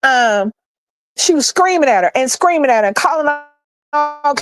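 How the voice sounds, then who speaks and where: A woman's voice: high voice, animated, moderate pace. A middle-aged woman, ranting bluntly and heatedly with lots of profanity and repetition for emphasis. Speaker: streamer sharing opinions. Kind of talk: passionate ranting monologue.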